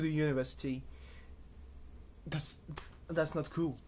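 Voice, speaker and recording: His voice is medium-pitched and a little mellow, a touch slow, with slight background noise. He's a young man in a hotel room doing a casual, rambling vlog to camera, chatty and self-mocking, forever drifting onto tangents.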